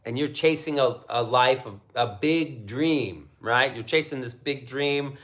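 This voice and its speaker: A man's voice: medium pitch, measured pace. A man hosting a casual livestream, reading viewer chat and ranting with lots of swearing. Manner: profane, animated ranting. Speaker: livestream host.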